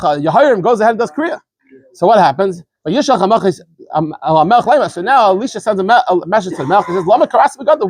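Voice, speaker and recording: A man, a rabbi, giving an informal Torah lesson, explaining quickly and animatedly, often stumbling and repeating words as he goes. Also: high voice, no echo. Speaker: rabbi teaching a daily scripture class.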